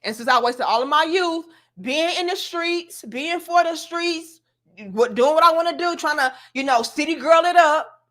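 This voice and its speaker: A woman's voice: sits high, moderate pace, a bit bright. Blunt, sassy woman lecturing her audience. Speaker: commentary vlogger. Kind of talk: opinionated commentary rant.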